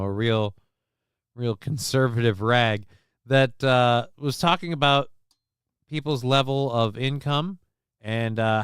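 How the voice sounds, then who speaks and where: A man's voice: mid-range voice, clean tone, no echo, studio quality. A man hosting a casual livestream show, rambling with many fillers and crude jokes as he reads the chat. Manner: gets loud and excited over news figures.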